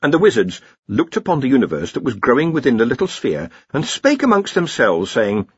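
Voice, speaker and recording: A man narrating an audiobook in an expressive, wry storytelling manner, in a slightly dull recording. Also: mid-range voice, a little fast, few pauses, husky, no echo. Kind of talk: audiobook reading with character voices.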